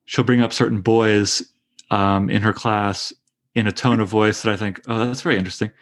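A man's voice: fairly low pitch, flat delivery, normal speed. A man in his thirties leading a casual literary discussion, enthusiastic and stumbling over restarts. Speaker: discussion leader.

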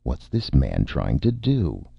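A man's voice: a bass voice, huge pitch swings, slow, gravelly, slightly rough, no echo, muffled recording, exaggerated voice. A man reading a cool, decisive studio boss. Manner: cold, decisive.

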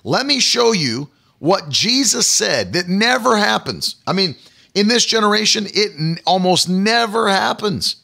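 A male preacher delivers a livestreamed sermon in a bright, fairly high voice. He is emphatic, repeats his phrases and breaks off to speak to viewers online. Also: very animated, a little slow, creaky.

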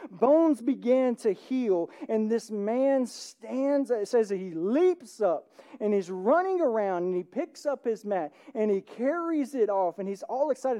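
Mellow-voiced pastor preaching casually. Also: mid-range voice. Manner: informal, keeps asking "right?". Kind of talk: conversational sermon. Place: church service.

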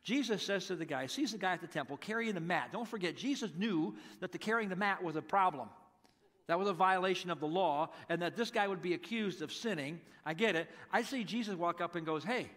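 A man's voice: sits high, a little fast, fairly bright tone. A man preaching a sermon as pastor, in a conversational way, acting out the people in the story. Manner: conversational, acts out quotes animatedly.

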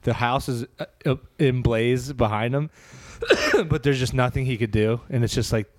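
A man hosting a podcast, talking loosely among friends. His pitch sits in the middle, and he stumbles through his stories with constant fillers and restarts. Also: very animated, moderate pace, no echo. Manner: rambling, many fillers and restarts. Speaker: podcast host. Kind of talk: casual chat.

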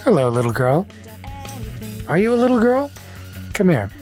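A tall elf lawman, put on by a man, with a voice lifted well above a normal speaking pitch. He sounds oily and falsely polite, with menace underneath. The game is played with soft music in the background. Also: big pitch swings, normal speed. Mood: falsely kind. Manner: oily, mock-polite and threatening. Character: tall sharp male high elf police officer, smug and menacing.

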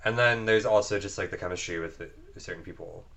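A man with a very low voice talks earnestly in a relaxed podcast conversation. He leans on fillers and restarts his sentences often. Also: fast, creaky. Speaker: podcast guest. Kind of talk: casual chat.

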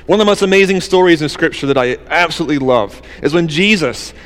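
Earnest high-voiced male preacher. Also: lively intonation, fast talker, long reverb tail. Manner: earnest, conversational preaching with rhetorical questions. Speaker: pastor. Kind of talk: sermon.

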